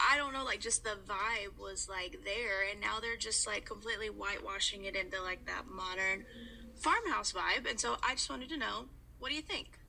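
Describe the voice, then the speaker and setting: Bright, gravelly young woman's voice message. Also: medium pitch, slight background noise, poor audio. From Missouri. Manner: chatty, upbeat, filler-heavy. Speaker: listener calling in. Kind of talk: recorded voice message.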